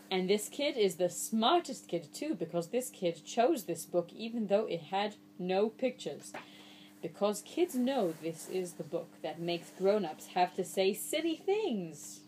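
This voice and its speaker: A woman's voice: medium pitch, very animated, measured pace, darkish tone, a little hiss or hum. A woman reading a children's book aloud to a child, playful and mock-exasperated, breaking into silly nonsense sounds.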